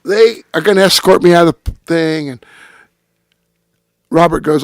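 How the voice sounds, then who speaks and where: Interview guest: a man with a raspy, fairly high voice, salty and lively, acting out quotes as he tells the story, close dry sound. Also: normal speed, dry recording. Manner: profane, animated storyteller who acts out quotes.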